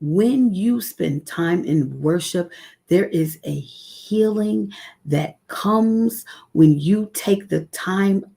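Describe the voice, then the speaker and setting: Woman, low-pitched with a gravelly edge, earnest testimony-style devotional on a live stream. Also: lively intonation, dark tone. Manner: earnest, personal, drawn-out emphatic phrases; emotional, close to tears. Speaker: devotional speaker.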